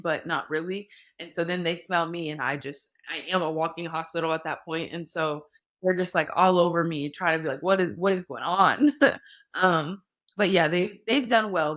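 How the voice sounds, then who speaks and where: A young adult woman, a podcast guest, telling her story in a candid, animated way. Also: fairly low pitch. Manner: animated retelling, voicing others in quotes.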